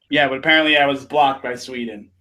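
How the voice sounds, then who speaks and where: A man's voice: medium pitch, pushed and bright, poor audio. A man hosting a casual talk show, joking and laughing often. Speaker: podcast host. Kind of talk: casual chat.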